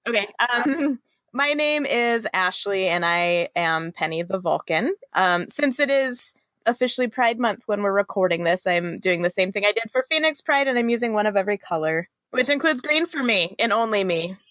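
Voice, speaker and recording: A woman's voice: mid-range voice, lively intonation, normal speed, fairly bright tone, no echo. A woman co-hosting a podcast as a player, chatty and giggly in casual banter.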